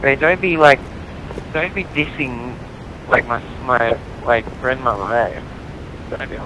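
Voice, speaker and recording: A man of ordinary pitch rambles and cracks crude jokes into a game headset. He laughs at his own lines as he talks. Gunfire and explosions from the game sound loud behind him. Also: expressive, unhurried. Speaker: online game player. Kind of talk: crude voice chat banter. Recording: noisy online game chat with gunfire.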